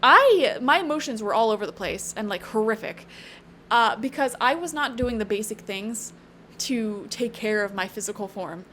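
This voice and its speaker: A woman's voice: a little high, animated, moderate pace, sharp tone, a little hiss or hum. Chatty woman giving a tarot reading. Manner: chatty, emphatic, frequent "okay?" and "you know"; tangential, earnest pep talk. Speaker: tarot reader. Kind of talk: casual tarot reading to camera.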